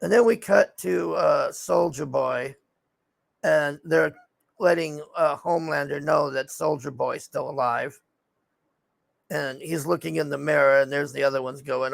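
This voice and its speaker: A man's voice: on the high side, unhurried, vocal fry, a bit bright, dry recording. A man recapping a TV show in a casual, rambling rant, frustrated and swearing often. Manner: frustrated, profane ranting; rambling with frequent fillers. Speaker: TV show reviewer.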